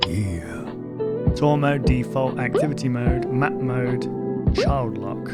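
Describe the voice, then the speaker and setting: A man's voice: mid-range voice, takes it slowly. A man giving casual let's-play commentary, rambling and reacting aloud while joking about what he sees. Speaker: gaming YouTuber. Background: game audio and music.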